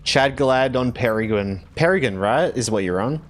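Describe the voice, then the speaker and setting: A man's voice: medium pitch, expressive, normal speed. Chatty Australian man streaming games. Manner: playful, laughs often, chats with viewers. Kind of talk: casual game stream chat.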